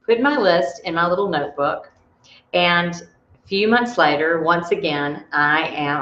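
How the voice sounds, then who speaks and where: A woman's voice: lowish voice, fairly bright tone. A woman leading a motivational workshop, telling personal stories in a chatty way with frequent restarts. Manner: chatty, storytelling, restarts often. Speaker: workshop leader. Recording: roomy, dull audio.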